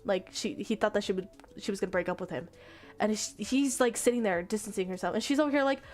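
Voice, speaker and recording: A woman's voice: medium pitch, fast, darkish tone, soft background music. A young woman streamer casually retelling a story, rambling and swearing offhandedly. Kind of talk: casual retelling of an anime plot.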